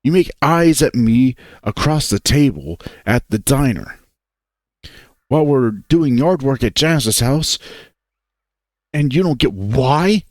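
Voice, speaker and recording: A man voicing an angry lovesick furry young man, swearing, lively pitch, dry sound. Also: slow pace, dry recording. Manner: pushy, swearing, voice breaking.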